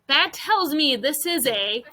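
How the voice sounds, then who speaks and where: A woman's voice: high voice, lively intonation, slow, sharp tone, low-quality recording. A woman teaching a classroom mini lesson, patiently walking students through each step with guiding questions.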